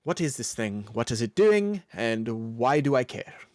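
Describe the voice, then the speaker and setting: A man voicing a gruff old dwarf lord seated on a carved throne, who talks in a drawling, folksy, suspicious way. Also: medium pitch, very animated, unhurried, darkish tone, dry recording, clean studio sound.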